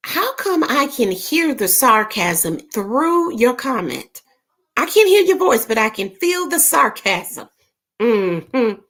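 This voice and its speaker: A woman's voice: on the high side, sing-song, takes it slowly, a bit bright. A woman hosting a casual online gathering, reading viewer comments in a playful, teasing way. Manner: playful, teasing, lots of laughs and sighs. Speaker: host of a live online gathering.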